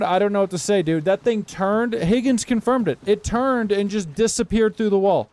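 A man's voice: high-pitched, normal speed, hardly any pauses, a little mellow, smooth, dry recording. A young man live-streaming a game, chatting casually with viewers and swearing in exasperation. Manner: profane, exasperated banter with chat. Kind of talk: casual gameplay commentary.

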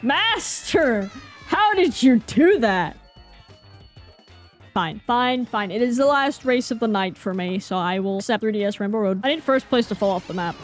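A woman giving casual live gameplay commentary, excitable and self-mocking, with slang and mild swearing. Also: a little high, moderate pace, faint music behind. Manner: excitable, groans and cheers at every turn. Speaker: gaming video creator.

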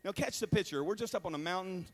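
A male evangelist in a church, high-voiced and animated. He tells stories with loud shouted bursts, acted-out voices and frequent laughter, swinging to a quiet tone for serious moments. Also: fast. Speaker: traveling evangelist. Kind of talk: comedic sermon storytelling.

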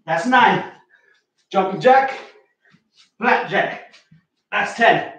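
A high-voiced man leads a home workout, counting each rep and calling out form cues, short of breath between sets. He speaks from a distance from the mic, in a room with a strong echo. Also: drawn-out words. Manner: counting reps aloud, coaching cues, energetic whoops. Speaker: fitness coach.

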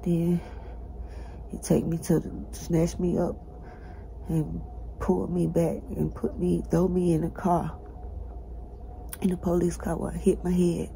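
A breathless woman speaks straight to her viewers, urgent and pleading, her voice often breaking into tears. Her tone is very dark and mellow. A faint hiss sits under the recording. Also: lowish voice, level tone, takes it slowly, vocal fry, long pauses, poor audio. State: breathless, cried out. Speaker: person recounting a jail ordeal. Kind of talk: emotional first-person testimony to viewers.

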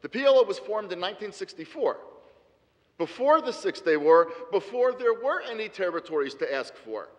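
A man's voice: high-pitched, very animated, moderate pace, lo-fi sound. A middle-aged man giving an emphatic debate speech with rhetorical repetition, speaking in a large hall. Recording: hall reverb.

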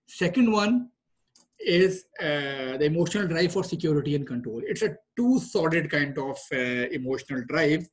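A man's voice: on the high side, lively intonation, normal speed, husky. A man teaching a lesson on emotional drives in a conversational way, with many fillers and restarts. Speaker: trainer. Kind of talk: lecture on group dynamics.

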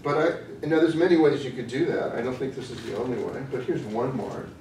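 A man giving an academic lecture, thoughtful and hesitant, often pausing with "um" as he works through his ideas. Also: mid-range voice, a little mellow. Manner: thoughtful, hesitant with frequent ums. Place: lecture room. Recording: echoey room from a distance with faint noise.

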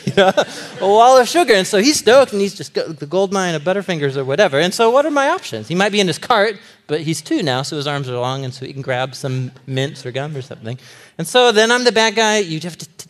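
A man in his thirties, a Bible teacher giving a lively, comic sermon-style lesson to a group, often laughing as he retells the story. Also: fairly high pitch.

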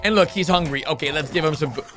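A man hosting a reaction video, commenting excitedly on a cartoon and swinging between hushed asides and shouts. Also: a little high, fast, soft background music.

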